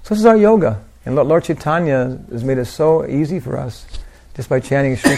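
An older man giving an informal devotional talk, rambling through anecdotes with lots of "you know" and soft laughs. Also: medium pitch, fairly quick, gravelly, few pauses. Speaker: preacher.

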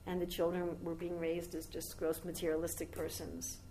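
A woman's voice: lowish voice, monotone, moderate pace, dark tone, a little hiss or hum, rough recording. A woman giving a devotional talk as a spiritual teacher, telling a long story in a rambling, conversational way with asides to her listeners.

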